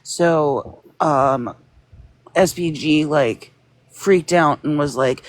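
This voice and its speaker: A woman's voice: sits low, very slow, no echo. A young adult woman on a livestream chat, upset and venting in a casual way. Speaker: live stream participant.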